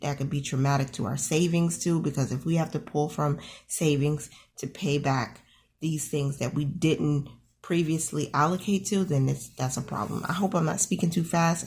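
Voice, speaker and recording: A woman with a rough morning voice walks through her family's weekly card expenses, friendly and encouraging as she talks the numbers through aloud. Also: low-pitched, a little mellow. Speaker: budgeting channel host. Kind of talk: casual screen-share budget walkthrough.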